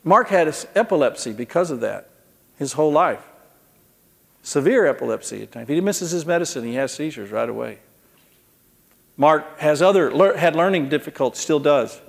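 A man's voice: fairly high pitch, animated, moderate pace, vocal fry. A man giving an earnest sermon-style talk at a conference, telling a story with frequent restarts and ending in prayer. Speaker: conference speaker. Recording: long hall reverb.

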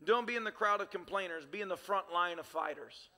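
A man preaches with fervor, his high, bright voice carrying a gravelly edge. He builds his points in rhythmic, repeated phrases. Every word echoes through a large church hall. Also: brisk. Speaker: pastor. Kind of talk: sermon. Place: church sanctuary.

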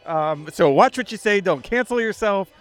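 A man's voice: high voice, lively intonation, moderate pace, a bit bright, clear, resonant tone, faint music behind. A man in his thirties co-hosting a podcast in a busy tiki bar, joking and laughing often in casual chat. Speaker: podcast co-host.

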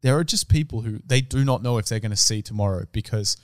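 A man's voice: fairly low pitch, fast talker, no echo, studio quality. A young man co-hosting a casual chat, talking in a loose, slangy way and swearing freely.

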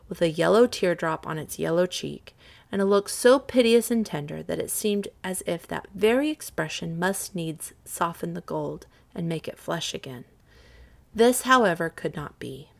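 A woman reading a storybook aloud as narrator, expressive and gently paced. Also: lowish voice, vocal fry.

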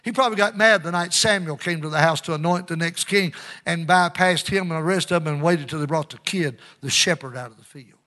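A middle-aged man preaching a sermon to his congregation, calling for amens and swinging between loud emphasis and hushed asides. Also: on the high side, fairly quick. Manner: call-and-response preaching, urging amens. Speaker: pastor.

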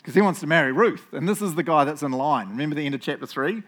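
A man's voice: a little high, animated, quick pace, a bit bright. A man giving a casual, playful Bible talk, joking and chatting with his listeners. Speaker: preacher.

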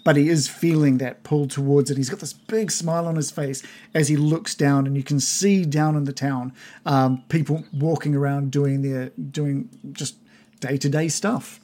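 A game master narrating a tabletop game, halting, with many restarts. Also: medium pitch, steady tone, a little mellow. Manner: hesitant, full of restarts.

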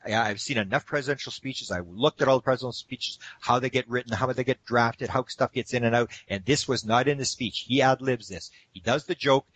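A man telling anecdotes in a casual interview, animated and acting out the quotes. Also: medium pitch, brisk, few pauses. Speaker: guest speaker on UFO topics.

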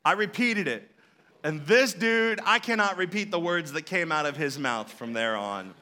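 A man's voice: on the high side, animated, moderate pace, pushed and bright. A man preaching a sermon, telling a story in a conversational way and joking with the congregation. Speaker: pastor.

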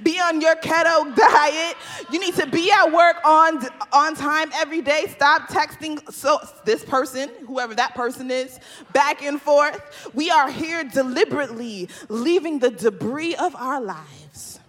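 A woman preaching a sermon, building to impassioned, shouted refrains. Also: sits high, measured pace.

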